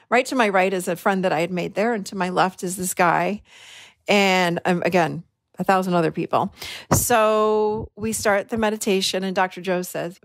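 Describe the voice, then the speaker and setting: A woman hosting a podcast, telling a personal story in an animated way and acting out the voices she quotes. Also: mid-range voice, creaky, no room sound, clean studio sound. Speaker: podcast host. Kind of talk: storytelling monologue.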